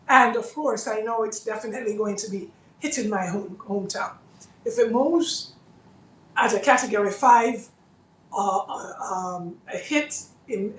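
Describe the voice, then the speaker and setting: A woman with a Jamaican accent hosting a live charity appeal over a phone, speaking in an earnest, pleading way that repeats itself. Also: medium pitch. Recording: echoey room, voice a bit far off.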